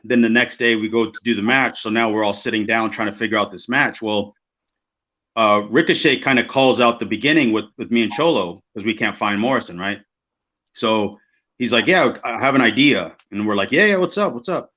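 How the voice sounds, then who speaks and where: Animated storytelling man, bright lo-fi sound. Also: lowish voice, fairly quick. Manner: animated, acts out quoted people, swears freely. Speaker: podcast co-host, former wrestler. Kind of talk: casual storytelling. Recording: dull lo-fi podcast audio.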